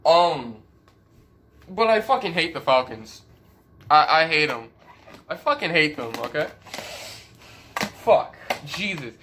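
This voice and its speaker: A man rants in a casual comedic vlog, swearing freely and mocking himself with sarcastic asides. His pitch swings widely as he plays up his frustration for laughs. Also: sing-song, slow pace, pauses often, sharp tone, a little hiss or hum. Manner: profane, sarcastic and self-mocking; melodramatic, exaggerated frustration. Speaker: sports fan YouTuber.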